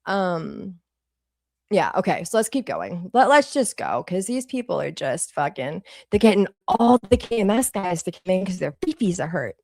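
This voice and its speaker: A woman's voice: lowish voice, big pitch swings, moderate pace, vocal fry, a little mellow, no echo, clean studio sound. A woman with a Boston accent hosting a casual commentary livestream, blunt and sarcastic, swearing freely. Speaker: livestream host.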